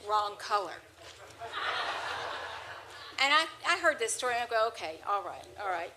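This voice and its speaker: On stage in a presentation hall, a woman holds a handheld microphone and tells rambling anecdotes to a live audience, restarting often. Her slightly high voice swings widely in pitch and moves fast, with background noise present.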